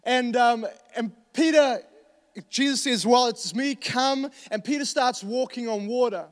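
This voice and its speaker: A man's voice: very high voice, unhurried, in a large hall. A male pastor, preaching a sermon in a conversational way with joking asides and restarts.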